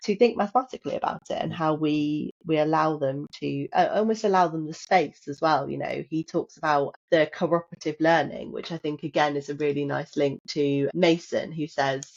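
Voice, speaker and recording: A woman's voice: sits low, normal speed, creaky, few pauses, darkish tone. Enthusiastic woman on dull lo-fi audio. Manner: enthusiastic, reflective. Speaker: maths educator, podcast co-host. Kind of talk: casual discussion. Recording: dull lo-fi sound.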